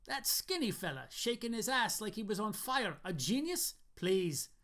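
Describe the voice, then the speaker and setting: A man's voice: high voice, very animated, moderate pace, fairly bright tone, voice pushed up, exaggerated voice. A man doing a pushy, restless ex-rocker in his forties. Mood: urgent. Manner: urgent, persuasive. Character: restless middle-aged male ex-rock musician, pushy.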